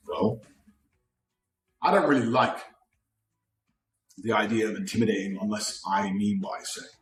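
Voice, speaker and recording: A man in his thirties giving a blunt, profane motivational talk, swinging between loud bravado and low calm. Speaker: motivational speaker. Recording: roomy sound from a distant mic.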